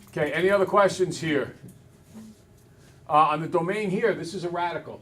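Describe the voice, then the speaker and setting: A man teaching a math class, brisk and teasing, talking to students in a classroom. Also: on the high side, recorded from a distance, slight background noise.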